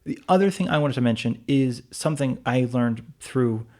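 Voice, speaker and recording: A man's voice: medium pitch, animated, normal speed, darkish tone. A man co-hosting a casual podcast chat, telling a long rambling story full of restarts and asides. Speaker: podcast co-host.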